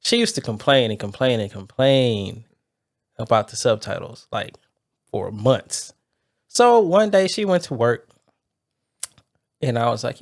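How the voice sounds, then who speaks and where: Animated man chatting casually. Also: mid-range voice, a little slow, pauses often, no echo, clean studio sound. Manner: animated storyteller, laughs often, mimics voices in anecdotes. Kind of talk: casual chat.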